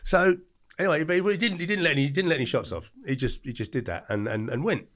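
An older man, telling colourful anecdotes as a podcast guest in an animated, slangy way. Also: on the high side, quick pace. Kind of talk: storytelling interview.

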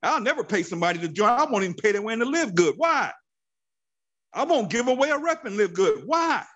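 A man's voice: high-pitched, sing-song, a little fast, a bit bright, highs cut off. A man in his fifties leads a motivational training call as a network marketing team leader. He talks in a fervent, preachy way and drives points home by repeating his phrases.

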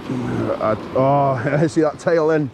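A man talking to himself and the fish as he shore fishes, in an excited running commentary, recorded outdoors on a beach on an action camera. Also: medium pitch, slow pace, creaky. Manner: exclaiming, talks to himself and the fish. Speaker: fishing vlogger. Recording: wind and surf noise outdoors.

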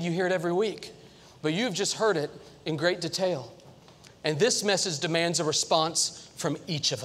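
A man preaching an earnest, emphatic sermon, slowing and repeating key lines to drive them home. His voice sits a little high. It rings with a long reverb through the church sanctuary. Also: a bit bright. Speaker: pastor.

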